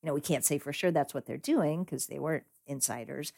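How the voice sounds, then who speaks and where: Low-voiced woman telling a story. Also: fairly quick, creaky. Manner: animated, laughs often, many restarts. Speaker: guest, digital rights lawyer. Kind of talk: conversational storytelling.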